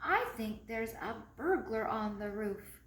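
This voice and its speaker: A small, wide-eyed young mouse, put on by a woman reading aloud, calling out in a high, pleading voice. His pitch leaps around as he begs and frets in an echoey room with faint noise behind. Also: expressive, slow. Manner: pleading, calls out repeatedly.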